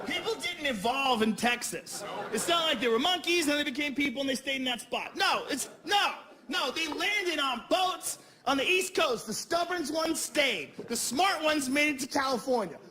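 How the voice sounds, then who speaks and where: A stand-up comedian from Boston performing a loud, profane set and acting out characters as he goes. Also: extremely high pitch, animated, normal speed. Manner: loud, profane, acts out characters mid-bit. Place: comedy venue on stage. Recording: live comedy club recording with reverb, audience noise.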